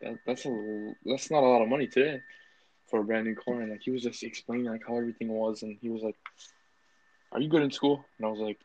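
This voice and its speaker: A man's voice: on the low side, flat delivery, quick pace, a little mellow. Rambling young man, lo-fi. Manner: rambling, filler-heavy storyteller. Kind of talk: casual chat. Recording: dull lo-fi sound.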